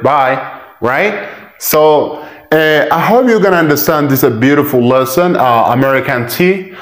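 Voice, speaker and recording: A man teaching English pronunciation in a video lesson, repeating each word slowly and often asking "right?". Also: mid-range voice, animated, reverberant. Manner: slow, repeating words for drill; asks "right?" to check understanding. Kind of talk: video lesson, mixing languages.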